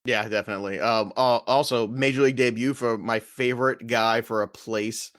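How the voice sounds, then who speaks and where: A man co-hosting a sports podcast in a loose, joking way. He laughs often and stays animated as he runs through the scores. His voice sits at a middle pitch and is recorded dry, with no room sound. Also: normal speed, dry recording. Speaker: podcast co-host. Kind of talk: casual sports podcast chat.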